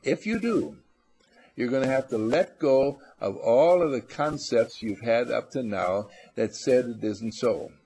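A man's voice: medium pitch, expressive, unhurried, dark tone, breathy edge. A man giving an inspirational talk, playful, acting out little scenes and repeating phrases for emphasis. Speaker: motivational speaker.

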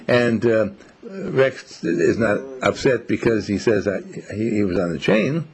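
A man giving a slow, musing, reflective monologue, telling stories as he goes. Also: fairly low pitch, lively intonation, gravelly, a little mellow, slightly rough. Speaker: speaker.

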